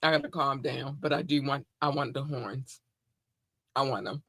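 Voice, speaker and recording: A woman's voice: extremely low pitch, moderate pace, dry recording. A woman co-hosting a casual podcast, effusive and playful, speaking. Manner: bubbly and effusive, shouting out listeners. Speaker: podcast co-host.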